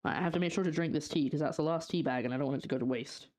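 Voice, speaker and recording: In her home kitchen, a young Scottish woman chats her way through a casual cooking livestream, her slightly low, a little mellow voice racing along. She drifts between topics, reads out and answers viewers' chat, and trails off with ums and half-finished thoughts.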